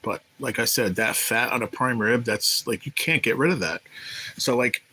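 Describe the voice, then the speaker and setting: A man's voice: medium pitch, normal speed, sharp tone, husky, low-quality recording. A man hosting a live stream, chatting casually with viewers, telling rambling, profane stories about his days as a restaurant cook. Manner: rambling, profane, reads chat aloud. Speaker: livestream host. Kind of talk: casual live chat storytelling.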